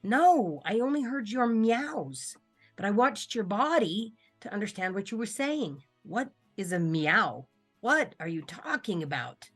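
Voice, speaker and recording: A woman's voice: mid-range voice, very animated, measured pace, soft background music. Lady reading a chatty housecat, sweet and a bit confused, mid voice, story read over a video call. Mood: puzzled. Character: chatty affectionate male house cat.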